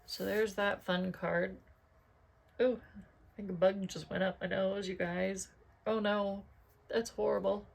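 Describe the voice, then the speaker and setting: A middle-aged woman chats her way through a card-making tutorial, thinking out loud and turning to her viewers with questions. She speaks slowly, and her voice has a gravelly, fry-tinged texture. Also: medium pitch, flat delivery. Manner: chatty, talks to herself while working, asks viewers questions. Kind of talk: casual crafting tutorial chat.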